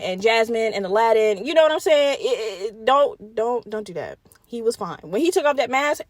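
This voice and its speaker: Young woman podcaster ranting about a movie, kinda high voice, swears a lot, dry close sound. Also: no room sound. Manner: animated, profane, talks straight to listeners. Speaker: podcast host. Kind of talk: casual solo chat.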